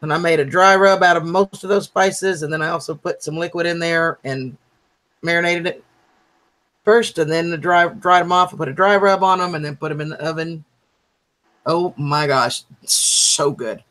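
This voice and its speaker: Chatty male stream host, voice on the higher side, proud home-cook energy. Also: normal speed, pushed and bright. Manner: chatty, proud of his cooking. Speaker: livestream host. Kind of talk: casual livestream chat.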